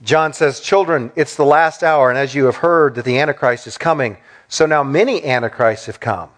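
A man's voice: medium pitch, normal speed, fairly bright tone. A man preaching a sermon, asking rhetorical questions and acting out the lines he quotes in little voices. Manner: acts out quoted speech in small voices. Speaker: pastor.

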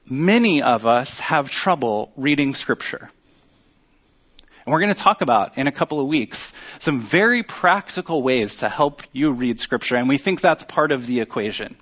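A man preaching a sermon as pastor, earnest and teaching, with emphatic pauses. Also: medium pitch, lively intonation, a bit bright.

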